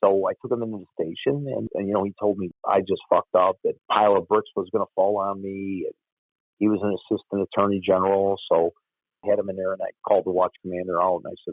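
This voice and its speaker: Gravelly deep-voiced man, blunt. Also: fairly even intonation, quick pace, no room sound. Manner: blunt and profane. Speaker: former police officer. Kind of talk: candid interview storytelling. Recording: tinny phone-like dry sound.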